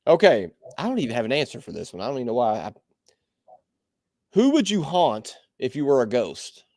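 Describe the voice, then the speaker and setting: A man co-hosting a podcast in casual chat, animated and laughing, swearing freely. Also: medium pitch, fairly quick, no echo, clean studio sound. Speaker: podcast co-host.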